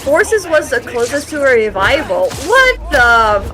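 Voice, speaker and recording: A woman's voice: high-pitched, sing-song, unhurried. A woman from Texas chatting playfully on a gaming stream, giggling often. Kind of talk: casual gaming stream chat.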